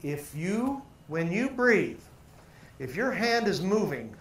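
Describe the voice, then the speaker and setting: A man's voice: high voice, sing-song, slow, fairly bright tone. An older man teaching a speaking workshop, theatrically projecting and stretching out vowel and syllable drills. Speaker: voice and speaking coach. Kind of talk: workshop lesson with vocal exercises. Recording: very echoey room, faint ambient noise.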